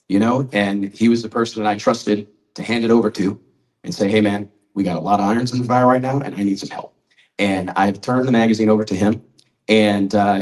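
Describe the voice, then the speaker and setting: A man's voice: fairly low pitch, a little mellow, far from the mic, rough recording. A man in his forties, a magazine publisher, presenting honorees at a press conference and telling a story in a conversational way. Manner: storytelling, conversational, quotes people. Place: event hall at a trade show.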